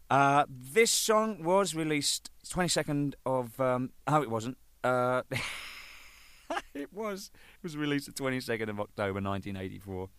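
A man rambles through band stories, swearing freely and bursting into shouted quotes. His pitch swings widely as he talks, with a bright, forward tone. The sound is dry and close, with no room around it. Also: no room sound. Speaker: band drummer telling stories. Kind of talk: casual storytelling monologue.

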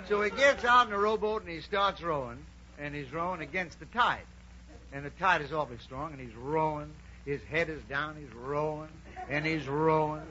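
Jovial guy telling folksy jokes on old lo-fi radio, high bright voice, faint hum. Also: animated, fairly quick. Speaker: comedy show host and storyteller. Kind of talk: 1930s radio comedy.

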